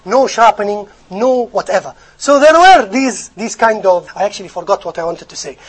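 A man giving a sermon, telling stories in an animated, joking way to his audience. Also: sits high, normal speed, poor audio. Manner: animated storytelling with jokes. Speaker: Islamic preacher.

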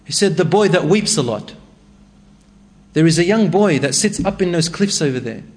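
A man's voice: on the high side, animated, moderate pace. A man preaching a sermon, telling a story with emotion and acting out the voices in it. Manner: emotive, acts out quoted voices with rising intensity.

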